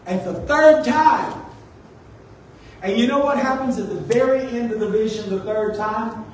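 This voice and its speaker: Pastor, animated humorous sermon, fairly high voice, very echoey church room. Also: male voice, unhurried, a little hiss or hum. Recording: echoey room, distant mic.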